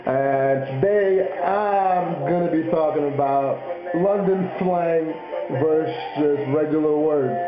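A young man casually explaining slang on his video blog, joking and laughing as he goes. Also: a little high. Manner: jokey, laughing, puts on mock London voices for examples. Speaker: YouTuber. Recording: echoey room, tinny lo-fi webcam audio.

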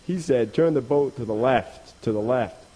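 A man's voice: mid-range voice, normal speed, warm tone, slightly rough, natural voice. A man voicing a vain, sly dog in a told folk tale, speaking smugly and drawling.

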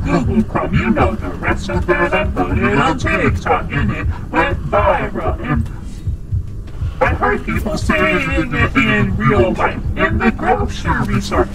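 A woman streamer using a voice changer to play an evil potato, delivering lines slowly in a mock-villain way. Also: medium pitch, heavy background noise. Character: evil talking potato, grumbly and mock-menacing. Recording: distant mic, loud game music.

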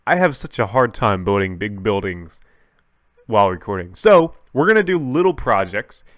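A man's voice: lowish voice, sing-song, moderate pace, a bit bright, no echo, clean studio sound. A man giving casual, chatty commentary over his own gameplay, talking straight to viewers and correcting himself as he goes. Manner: jokey, talks straight to viewers. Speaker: gaming YouTuber.

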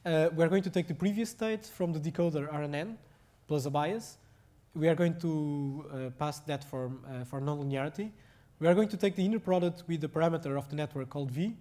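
A young adult man with a Portuguese accent giving a technical lecture, speaking haltingly with many fillers and restarts. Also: a little high, warm tone.

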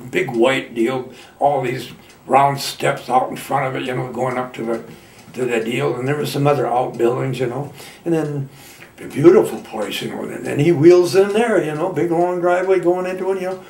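A man in his nineties from Michigan, a veteran telling his war memories in a halting, folksy way with plain colloquial grammar. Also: medium pitch, fairly even intonation, creaky, darkish tone, echoey room, far from the mic. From Michigan, United States. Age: 90s. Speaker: veteran interviewee. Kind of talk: oral history reminiscence.

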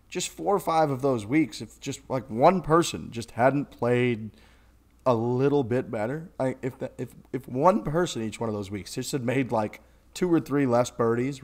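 A man co-hosting a golf podcast, talking in a rambling, profane, animated way about the tour. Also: medium pitch. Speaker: podcast co-host. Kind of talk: casual golf podcast chat.

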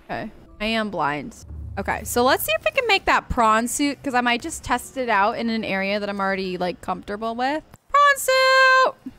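A young woman streaming a video game, talking to her viewers in excitable commentary, swearing often and shrieking when startled. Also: fairly high pitch, brisk, background noise. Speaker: gaming streamer.

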